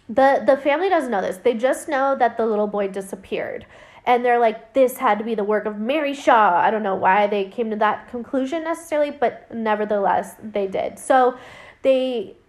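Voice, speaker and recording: Woman rambling on about a movie, kinda high voice, losing it a bit, swears a lot. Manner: rambling, filler-heavy, swears freely. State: losing her voice, dry throat. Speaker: podcast host recapping a film. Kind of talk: casual chat.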